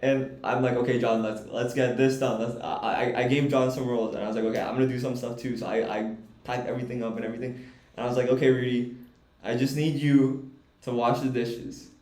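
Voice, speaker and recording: A young man co-hosting a podcast, telling a story in a casual, animated, swearing way and laughing as he goes. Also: mid-range voice, fairly quick. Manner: animated, profane, laughs while telling stories. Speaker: podcast co-host. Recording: echoey room.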